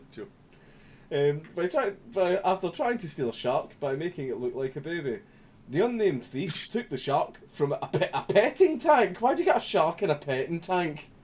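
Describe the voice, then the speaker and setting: A man's voice: fairly high pitch, expressive, moderate pace, darkish tone. Guy hosting a stream, swears a ton, laughs a lot, reads out chat. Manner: swears constantly, laughs often, mock-reads comments. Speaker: livestream host. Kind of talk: casual livestream chat reading viewer messages.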